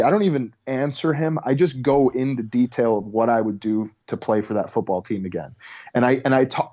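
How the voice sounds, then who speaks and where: A man's voice: medium pitch, a little mellow, highs cut off. Profane, fired-up male comedian telling a story. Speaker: comedian guest. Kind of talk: casual storytelling chat.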